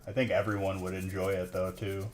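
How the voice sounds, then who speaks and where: A man's voice: deep voice, little pitch movement, fairly quick, a little mellow, a little hiss or hum. A man hosting a casual livestream, bantering and joking with chat and counting scores aloud. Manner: joking banter with chat, says "dude" a lot. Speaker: livestream host opening trading card packs.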